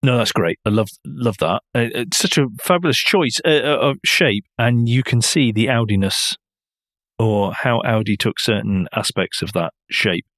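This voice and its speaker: A man's voice: mid-range voice, moderate pace, fairly bright tone, no room sound, clean studio sound. A man co-hosting a motoring podcast in casual chat, rambling and laughing often. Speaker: podcast co-host.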